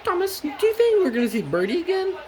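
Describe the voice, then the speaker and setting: Casting: woman as a pair of squeaky, fussing girl coaches, high and sing-song, lively swoops. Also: fast talker, crowd noise. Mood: worried. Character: two chatty female coaches, young and fussing.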